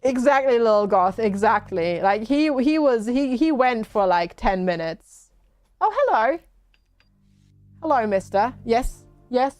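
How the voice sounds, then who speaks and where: Woman streamer, slightly high and unhurried, chatty with chat, faint game music underneath. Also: animated, a little mellow, no room sound. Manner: chatty, reads out and greets chat viewers. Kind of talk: casual live-stream chat while playing.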